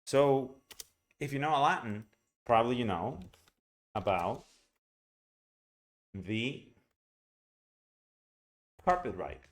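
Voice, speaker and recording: Male English teacher, online lesson, chatty, blunt, keeps asking "right?", mid-pitched voice. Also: animated, slow, long pauses. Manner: chatty, with frequent "right?" and "okay?"; blunt, opinionated asides. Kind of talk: online lesson, explaining a reading text.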